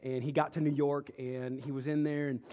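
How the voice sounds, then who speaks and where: A man's voice: mid-range voice, level tone, a little fast, mellow. A male pastor preaching a sermon in a church, talking in a casual, joking way and teasing the congregation. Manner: conversational, joking, teases the congregation. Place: church sanctuary. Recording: dull lo-fi sound with long hall reverb.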